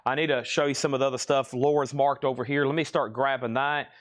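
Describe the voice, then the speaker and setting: A man hosting a live-stream vinyl sale, calling bids in quick auctioneer patter and cracking jokes between items. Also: mid-range voice, fairly even intonation. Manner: rapid auctioneer chanting, joking asides. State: sweaty and restless, pacing.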